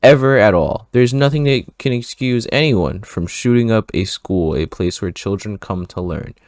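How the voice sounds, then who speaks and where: A man's voice: on the low side, moderate pace, darkish tone, no room sound, studio quality. A man casually recapping a TV show in a rambling, profane way, often laughing at his own story. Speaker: video creator.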